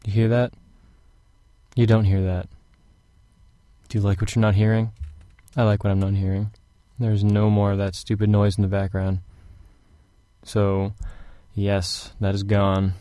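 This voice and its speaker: A man's voice: lowish voice, measured pace, pauses often, clear, resonant tone, dry recording. A young man recording a home audiobook of a fantasy novel, chatting casually before reading steadily. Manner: casual rambling intro, then steady reading. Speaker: audiobook reader. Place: hot room at home.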